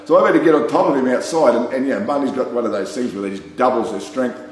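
A man's voice: mid-range voice, fast, a little mellow. A man with an Australian accent telling a casual anecdote, rambling with fillers and breaking into laughter. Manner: rambling, laughing, full of "you know" and "mate". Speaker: storyteller. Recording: very echoey room with faint hum.

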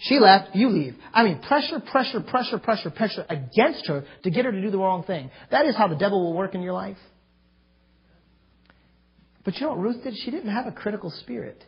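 A male pastor preaching a sermon emphatically, with sudden loud outbursts. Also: high voice, expressive, a little fast, husky, muffled recording. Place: church.

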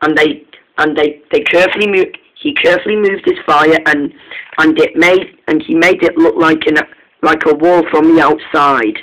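A man reading a children's train story aloud, halting, with frequent restarts and slips. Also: a little high, steady tone, fairly bright tone, poor audio.

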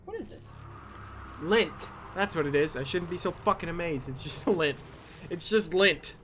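A young man playing a video game and commenting casually, swearing often and yelling at the game. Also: a little high, normal speed, a little hiss or hum. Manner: animated, swears a lot, yells at the game. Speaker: gaming YouTuber. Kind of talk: casual let's-play commentary.

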